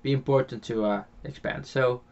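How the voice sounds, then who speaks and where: A game channel host with a Dutch accent talks through a farming game in commentary voiced afterwards, sounding relaxed but halting. His middling-pitched voice keeps pausing on filler sounds and starting phrases over, and his home mic sounds dull and lo-fi.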